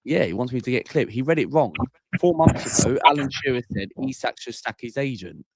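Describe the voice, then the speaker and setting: A man's voice: mid-range voice, animated, fairly quick, darkish tone, no echo, studio quality. A man hosting a casual call-in livestream, talking bluntly and tagging lines with bro and mate. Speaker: livestream host.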